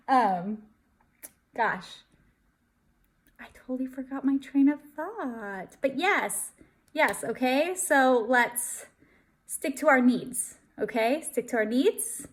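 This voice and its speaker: A woman's voice: sits high, lively intonation, takes it slowly, pauses often. Earnest emphatic woman talking to viewers. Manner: earnest and emphatic, addresses viewers as you guys. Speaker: vlogger giving relationship advice. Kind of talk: casual direct-to-camera talk.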